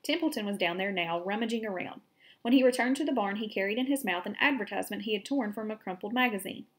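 A woman's voice: mid-range voice, quick pace. Woman reading a storybook aloud. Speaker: teacher. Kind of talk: reading a children's book aloud.

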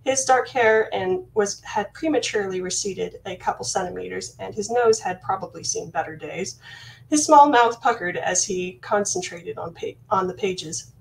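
A woman reading her own fantasy novel aloud in the first person, with steady, measured storytelling. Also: medium pitch, vocal fry. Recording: voice slightly distant from mic.

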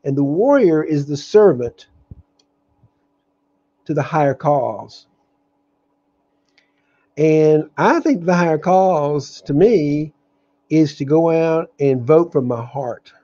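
Man, earnest halting live-stream talk, slightly high voice, muffled lo-fi audio. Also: animated, warm tone. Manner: earnest, openly angry, halting with restarts. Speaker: host of a daily live meditation stream.

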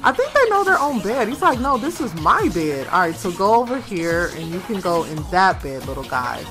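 A woman's voice: lowish voice, very animated, fairly quick, music in the background. A young woman chatting through her gameplay and talking to the game characters. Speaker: gaming channel host. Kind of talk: casual gameplay commentary.

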